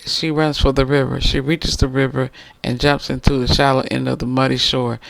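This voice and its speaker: A man's voice: mid-range voice, little pitch movement, moderate pace, vocal fry, a bit bright, no echo, poor audio. A man reviewing a book, casually retelling its plot in detail and often restarting his phrases.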